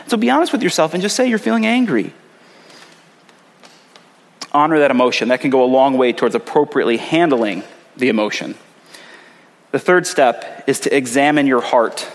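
High-voiced pastor preaching in a reverberant hall. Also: male voice. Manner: earnest, conversational, repeats short phrases for emphasis. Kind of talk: sermon.

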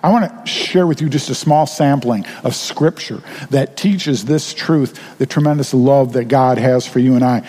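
A pastor preaching a sermon in an earnest, conversational way, asking rhetorical questions of the congregation. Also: male voice, medium pitch, normal speed, hardly any pauses, warm tone, long reverb tail.

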